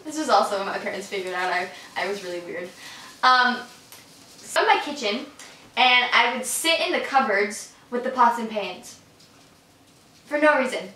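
A woman's voice: fairly high pitch, animated, moderate pace, pauses often, sharp tone, distant mic, slight background noise. A young woman chatting casually with a friend, giggling and often trailing off mid-sentence. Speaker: co-host friend. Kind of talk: casual chat. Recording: echoey room, off-mic.

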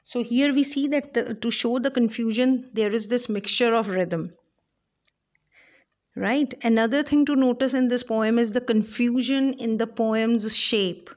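Slow, deliberate woman lecturing. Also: a little high, a little mellow. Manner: slow, deliberate, with many fillers and restarts. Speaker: English literature lecturer. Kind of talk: classroom lecture on poetry.

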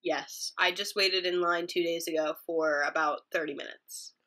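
Bright-voiced young woman news reporter. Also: fairly low pitch, steady tone, moderate pace. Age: young adult. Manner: laughs often, demonstrates anchor delivery. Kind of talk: casual interview chat.

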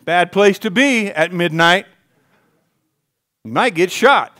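A middle-aged male pastor preaching a sermon in a church, swinging from hushed to loud. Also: sits high, expressive, slow pace, pauses often. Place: church sanctuary.

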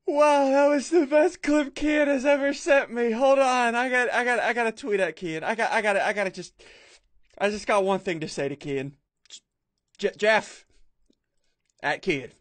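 A man hosting a gaming video, reacting to funny clips in casual, excitable commentary, laughing and repeating himself. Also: very high voice, moderate pace, dry recording.

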